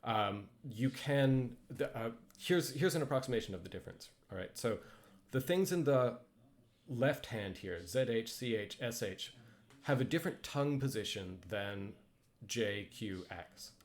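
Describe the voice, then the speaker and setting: A man's voice: medium pitch, expressive, unhurried. A man casually teaching pronunciation over slides, hesitant and self-deprecating, with frequent ums and restarts. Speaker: language instructor.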